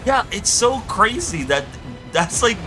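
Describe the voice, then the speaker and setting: A young man streaming a game, rambling excitably as he tells stories and chats. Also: sits high, a little slow, over music. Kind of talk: casual gameplay chat.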